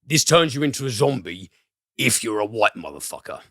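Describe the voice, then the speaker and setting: A man's voice: mid-range voice, sing-song, brisk, fairly bright tone, no room sound, studio quality. A man hosting a podcast, reviewing a film in casual, rambling chat with plenty of fillers and swearing.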